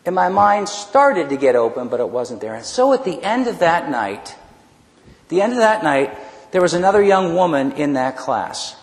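A man with a fairly high voice tells his own story from the pulpit, animated and full of restarts. The sound rings through a large hall with a long reverb tail. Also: normal speed. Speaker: preacher. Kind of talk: personal testimony sermon.

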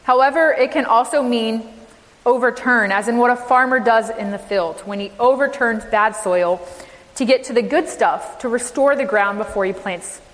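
A fairly high-voiced woman preaches with emphatic rhetorical questions, her sermon ringing with the long reverb of a church sanctuary. She speaks as a minister addressing a congregation. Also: moderate pace.

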